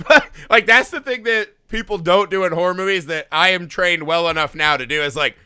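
Animated, bright-voiced man chatting casually. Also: fairly high pitch, a little fast, smooth, no echo, studio quality. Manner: animated, laughing, swearing storyteller. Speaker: podcast co-host. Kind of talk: casual film chat.

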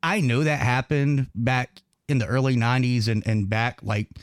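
A Southern man hosts a loose podcast chat, rambling through his thoughts with frequent fillers and quick laughs. His voice sits at a middle pitch. The recording is dry and close, with no room sound. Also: steady tone, clean tone, no echo. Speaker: podcast host.

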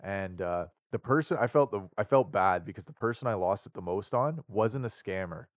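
A low-pitched man swaps profane, laughing stories in a loose podcast chat. His voice is deep and sits close and dry on the mic. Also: expressive, moderate pace, dry recording. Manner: profane, joking storyteller who laughs a lot. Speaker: podcast co-host. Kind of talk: casual chat.

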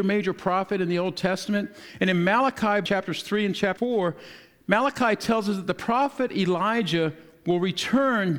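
A man with a high-pitched voice preaching an informal, teaching-style sermon. He explains scripture in an easygoing, conversational way, often restarting his phrases.

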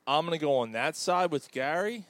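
Swearing, animated bar host. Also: male voice, fairly high pitch, normal speed, no room sound. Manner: joking, profane, animated banter. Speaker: sports talk show host. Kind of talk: casual bar-room sports chat. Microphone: desk microphone.

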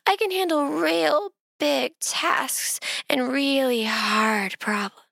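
A woman's voice: high-pitched, slow, gravelly, a bit bright, dry recording. A woman in a comedy sketch, bubbly and playfully silly.

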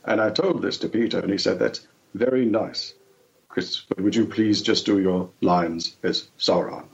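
A man putting on the voice of a sinister aristocratic old villain in a slow, measured, deep delivery. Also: vocal fry. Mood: grave, menacing. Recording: dull lo-fi podcast audio.

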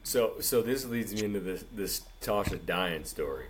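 A man with a low, deep voice tells a rambling, animated story on a casual podcast. He drops "dude" into almost every sentence. A murmur of people talking sits behind him. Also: moderate pace, over a noisy crowd. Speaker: podcast co-host.

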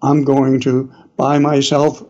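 A man's voice: medium pitch, monotone, takes it slowly, darkish tone. An older man with a New England accent, an author telling long stories as an interview guest, full of uhs and restarts. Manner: rambling, many uhs and restarts. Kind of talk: interview storytelling. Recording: dull lo-fi audio.

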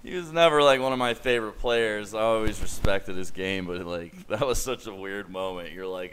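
A man's voice: on the low side, expressive, moderate pace, a bit bright, smooth. A man co-hosting a sports podcast, chatting casually and joking, with a laid-back manner and lots of fillers. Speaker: podcast co-host.

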